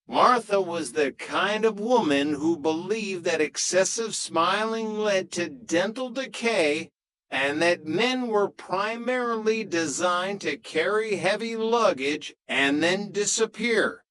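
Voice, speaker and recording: High, slow-reading man narrating a story. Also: lively intonation, fairly bright tone, no echo, poor audio.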